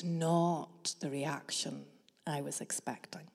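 A woman preaches a sermon, weaving scripture together with stories from her own life. She speaks slowly and reflectively, leaving deliberate pauses for effect. Her voice carries a long reverb from a large church hall. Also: fairly low pitch, darkish tone. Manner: measured, reflective, with dramatic pauses. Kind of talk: sermon with personal storytelling.

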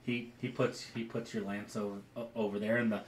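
A man narrating as game master of a tabletop game, halting with many fillers. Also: fairly low pitch, level tone, reverberant, slight background noise.

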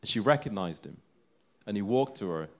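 A man's voice: lowish voice, animated, moderate pace, a little mellow. A man preaching a sermon, telling a story in an earnest, building way.

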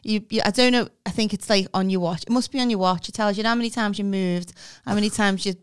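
A woman, co-hosting a podcast with quick, joking banter. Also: medium pitch, steady tone, clean tone, dry recording, clean studio sound. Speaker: podcast co-host, comedian. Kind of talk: casual chat.

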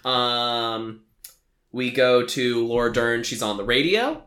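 A young man with a bright, forward voice who talks through a movie plot in a loose, rambling way, leaning on "like" and "um." He sounds like a casual podcast host. His voice rings back off the walls of an echoey room. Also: medium pitch, lively intonation, takes it slowly. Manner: rambling, filler-heavy storytelling, frequent "like".

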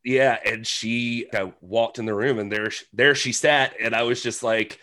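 A man's voice: mid-range voice, fairly even intonation, normal speed, few pauses, sharp tone. A man as a podcast guest, telling rambling, self-deprecating stories in casual chat.

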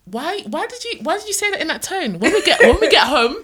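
Lively laughing woman. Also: extremely high pitch, a little fast, over a noisy crowd. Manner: animated, laughs through her stories. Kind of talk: casual chat, storytelling.

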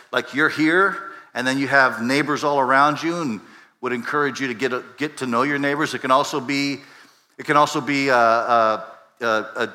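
A man's voice: mid-range voice, pushed and bright. Man preaching in a reverberant hall. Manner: conversational preaching with many restarts and rhetorical questions. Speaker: pastor. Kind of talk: sermon. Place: church sanctuary.

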